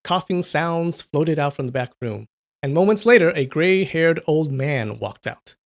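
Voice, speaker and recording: A man reads a novel aloud on a livestream and breaks off to chat casually with viewers. His voice is slightly high and relaxed, easygoing between passages. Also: unhurried. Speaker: livestream storyteller.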